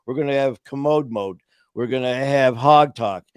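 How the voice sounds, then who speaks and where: Hosting a recovery talk stream, a man tells impassioned, rambling stories crammed with "you know" fillers. His pitch sits in an ordinary middle range, his pace is moderate, and his tone is clear and resonant. The recording is dry and close, without any room echo.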